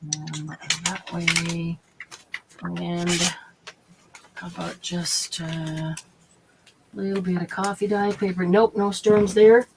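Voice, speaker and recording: A woman's voice: lowish voice, little pitch movement, takes it slowly, pauses often. A woman hosting a live crafting session, chatting casually and thinking aloud as she works. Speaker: crafting host. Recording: loud background noise.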